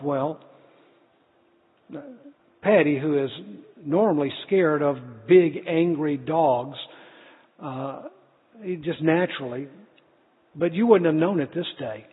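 A man's voice: a little high, husky. A middle-aged man preaching a sermon, telling a family story earnestly with small restarts. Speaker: pastor. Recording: tinny phone-like sound in a reverberant hall.

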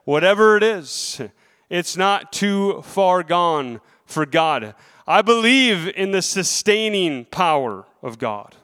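A man's voice: high voice, lively intonation, slow, a bit bright, clear, resonant tone. Preacher man reading scripture in a hall. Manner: reads scripture aloud then preaches earnestly, repeating key lines.

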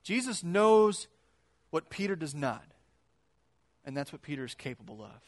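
A man giving a casual, conversational sermon, animated and acting out quotes in his retelling. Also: on the high side, moderate pace.

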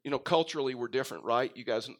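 A middle-aged man from Texas, a pastor preaching a sermon with a faint Texan accent, telling stories and swinging between loud emphasis and quiet asides. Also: medium pitch, racing. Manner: storytelling, rises and drops in volume for emphasis.

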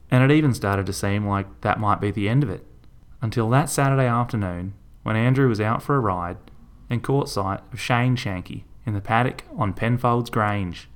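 Man narrating a story in a lowish voice.

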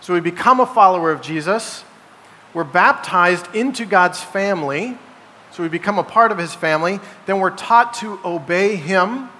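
A male pastor with a high, forceful voice preaches to his congregation, stressing his points and asking rhetorical questions. The sound carries the long reverb of a large church sanctuary. A faint hum of background noise sits under it. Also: animated, moderate pace. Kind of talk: sermon.

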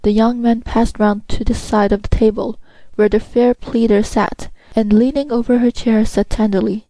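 Mellow-voiced woman narrating an audiobook. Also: a little high, fairly even intonation, normal speed, hardly any pauses, dry recording, rough recording. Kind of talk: scripted narration.

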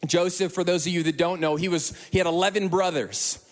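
A man preaching to his congregation with a voice that sits high for a man. He tells stories with open emotion and animated delivery. His words ring out through a church with a long, trailing reverb. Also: a little fast. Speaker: pastor. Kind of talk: sermon.

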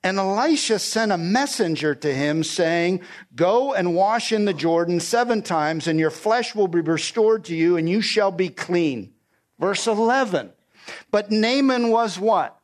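A man works through scripture verse by verse in a sermon, retelling it in everyday slang. He poses questions to the congregation and answers them himself, sometimes dropping to a quiet, low delivery for emphasis. His manner is animated and unhurried.

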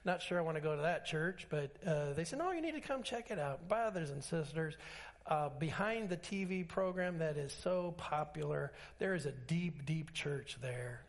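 A man pastor preaching a sermon, telling stories with acted-out dialogue and emphatic swings in pitch. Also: moderate pace. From Alaska.

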